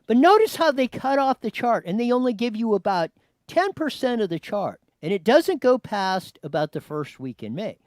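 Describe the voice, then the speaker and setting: A man's voice: extremely high pitch, normal speed, no echo. A man hosting a news show, commenting on a clip and giving cues to his producer. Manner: animated, talks to his producer, many restarts.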